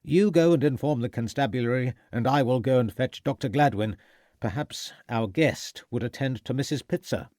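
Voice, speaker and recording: A man's voice: mid-range voice, moderate pace, darkish tone, no room sound, clean studio sound, lightly acted. A man voicing a haughty schoolmaster who speaks curtly and with irritation. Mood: irritated. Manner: curt and irritated.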